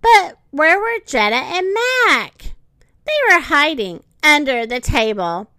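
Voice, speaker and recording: A woman reading a children's picture book aloud, high and very lively, lingering slowly over each line. Her voice is bright, and the close recording is dry. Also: no echo. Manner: expressive, sing-song. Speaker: storyteller.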